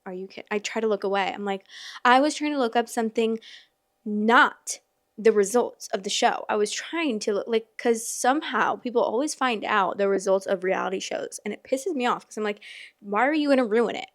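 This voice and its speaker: A woman's voice: fairly high pitch, normal speed, no room sound, studio quality. A woman hosting a podcast, chatting casually and reading stories aloud in a chatty way, with lots of fillers and exclamations.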